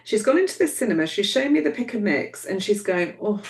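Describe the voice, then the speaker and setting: Speaking very animatedly and quickly in a mid-range voice, this woman acts as host and medium at a demonstration, relaying messages with warmth and a searching quality, addressing people as darling. She repeats herself as she gropes for details. The mic is far away, giving a roomy, off-mic sound.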